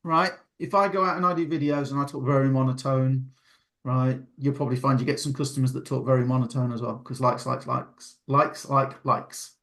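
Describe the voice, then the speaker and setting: Talking fast in a steady, medium-pitched voice, a man runs a video call as its host. His casual talk rambles, with frequent restarts and easy laughter.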